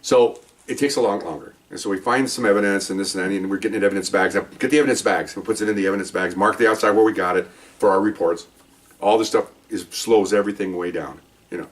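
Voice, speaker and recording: A man's voice: low voice, fast, recorded from a distance. An older man, a former police training officer, telling a rambling, folksy story and acting out what others said. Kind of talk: casual storytelling monologue.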